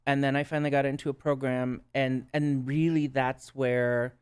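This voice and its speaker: A substance use counselor with a Minnesota accent appears as a guest on a casual podcast, earnestly and reflectively telling his own story and frequently checking in with "right?". His medium-pitched voice is level, a little mellow, and smooth, at normal speed.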